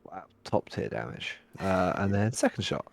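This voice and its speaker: A man's voice: low voice, sing-song, normal speed, gravelly. A man playing a tabletop game, calling out his rolls and rules with wry, teasing remarks. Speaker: player. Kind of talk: casual tabletop game chat.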